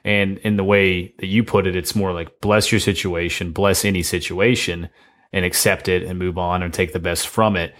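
A man's voice: low-pitched, fairly even intonation, moderate pace, a bit bright. A man hosting a podcast, asking rambling questions and joking enthusiastically. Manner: jokey, enthusiastic, self-interrupting questions. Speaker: podcast host. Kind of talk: casual podcast interview.

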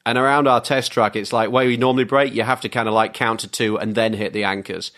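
A man's voice: mid-range voice, fairly even intonation, fast, fairly bright tone. A man, a car journalist, chatting as a podcast guest in an enthusiastic, rambling storytelling way. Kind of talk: casual podcast chat.

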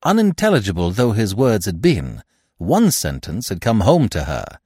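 A man narrating a classic comic novel in an expressive, animated storytelling manner. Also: fairly low pitch, moderate pace, slightly rough, dry recording, clean studio sound. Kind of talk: audiobook narration.

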